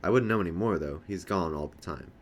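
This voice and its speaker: Grumpy blunt kid, low and flat, guy reading him out. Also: fast, slight background noise, close to an everyday voice. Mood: sulky. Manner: blunt, sulky. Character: stubborn sulky preteen boy.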